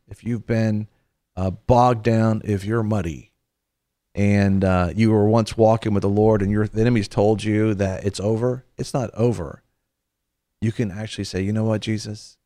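A man's voice: lowish voice, a little mellow, no echo, studio quality. A man hosting a Christian show who preaches in a conversational way. He tells stories, quotes scripture, often repeats his phrases and leads his listeners in prayer.

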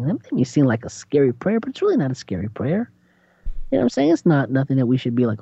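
A man talks through scripture in a lively, preaching style, often acting out what people might say. His tone is mellow and warm. The sound is dry and slightly dull, with a lo-fi feel. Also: medium pitch, a little fast, breathy edge, dry recording. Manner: animated, laughs often, acts out quotes. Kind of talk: preaching-style faith talk.

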